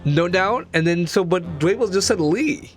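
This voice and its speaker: A man's voice: sits high, lively intonation, a little slow, faint music behind. A man streaming a video game, chatting casually and rambling with many restarts. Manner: rambling, self-correcting, jokey. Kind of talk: casual gaming chat.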